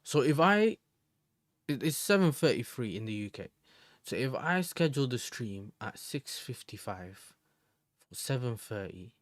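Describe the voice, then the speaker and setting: A man's voice: lowish voice, no echo, clean studio sound. A young man from the Netherlands, chatting casually and rambling in slang as a football live-streamer.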